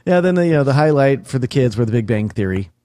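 A man's voice: mid-range voice, lively intonation, fast talker, dark tone, no room sound, clean studio sound. A man in casual podcast chat, telling long stories with many fillers and restarts.

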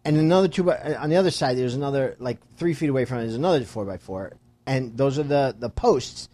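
A man in casual conversation, telling a lively anecdote and acting out the voices of the people in it. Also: mid-range voice, quick pace. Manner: animated storyteller who acts out quoted voices. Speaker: friend telling a story. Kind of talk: casual chat.

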